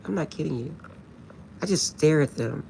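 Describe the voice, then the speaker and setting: A woman's voice: sits low, expressive, moderate pace, gravelly, mellow, a little hiss or hum. A woman chatting casually on a late-night live stream, laughing often and insisting she is serious.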